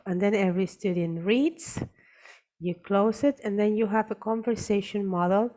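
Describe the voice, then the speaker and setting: A woman teacher giving a screen-share tutorial, explaining each step slowly and deliberately. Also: medium pitch, warm tone.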